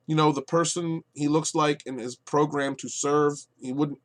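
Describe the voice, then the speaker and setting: A man giving an exasperated review of a TV show, with lots of fillers and restarts, dropping to low mutters and then bursting out loud. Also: fairly even intonation, moderate pace. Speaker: podcast reviewer. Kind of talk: ranting review commentary.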